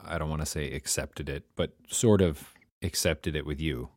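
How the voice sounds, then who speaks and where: Deep-voiced male interview host. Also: moderate pace, dry recording, studio quality. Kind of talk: conversational interview.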